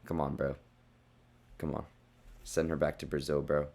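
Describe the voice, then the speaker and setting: Deep-voiced young man ranting about fights. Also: level tone, moderate pace, creaky, darkish tone. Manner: blunt, profane, worked-up rants. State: losing his voice. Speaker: fight reviewer. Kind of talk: casual fight recap.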